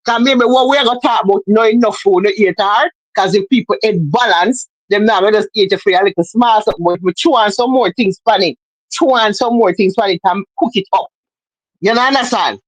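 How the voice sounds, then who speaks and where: A woman's voice: medium pitch, brisk, no echo, rough recording. Woman, Jamaican accent, emphatic lecturing chatter, close dry sound. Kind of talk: casual livestream chat.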